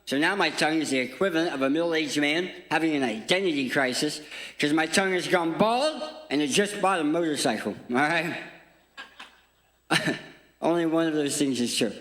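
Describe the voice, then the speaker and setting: High-voiced man with a speech impediment. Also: expressive, moderate pace, a bit bright, roomy sound. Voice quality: permanent speech impediment from tongue reconstruction. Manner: jokey, self-deprecating storytelling. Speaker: guest speaker. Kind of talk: humorous inspirational church talk. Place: church auditorium.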